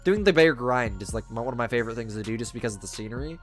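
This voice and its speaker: A man's voice: mid-range voice, animated, very fast, soft background music. A man hosting a live game stream, casually chatting with viewers and reading their messages in a chummy, laid-back way. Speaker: livestream host.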